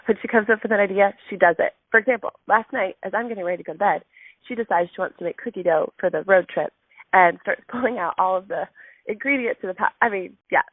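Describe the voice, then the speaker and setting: A woman's voice: mid-range voice, no room sound. A woman in her thirties telling a heartfelt story in a motivational talk, emotional and full of ums. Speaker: sales team leader giving a weekly message. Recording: tinny phone-line sound.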